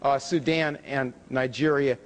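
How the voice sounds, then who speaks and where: A man giving a public lecture with slides, emphatic, with pitch rising on key words. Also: steady tone, measured pace. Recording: hall reverb from a lecture room.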